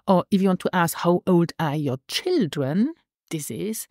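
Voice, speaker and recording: Slow, lively-voiced woman teaching a language. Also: fairly low pitch, no room sound, clean studio sound. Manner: repeats each phrase slowly twice. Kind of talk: slow, clear language lesson.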